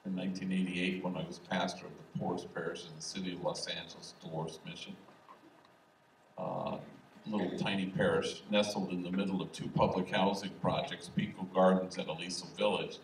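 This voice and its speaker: Low-voiced older priest in an echoey hall. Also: male voice, expressive, vocal fry. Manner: humorous, anecdotal, unhurried. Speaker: priest and speaker. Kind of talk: public talk with storytelling. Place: university event hall. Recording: echoey hall, distant mic, faint hiss.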